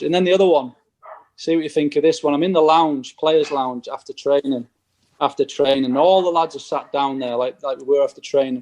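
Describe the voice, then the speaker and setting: A former footballer tells casual stories on a podcast. He is an animated storyteller who acts out the exchanges he quotes. His voice sits fairly high for a man. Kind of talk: casual anecdote telling.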